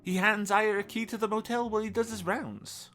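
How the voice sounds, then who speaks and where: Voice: mid-range voice, fairly even intonation, moderate pace, fairly bright tone. A video game reviewer reading a scripted review voice-over with dry, wry humor. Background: faint game music.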